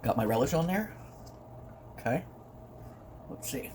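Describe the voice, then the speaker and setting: A man's voice: mid-range voice, sing-song, a little slow, darkish tone, a little hiss or hum. A man talking casually to the camera while he eats, playful, humming and breaking into little sung bits between bites. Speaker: mukbang vlogger. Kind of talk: casual eating vlog talk.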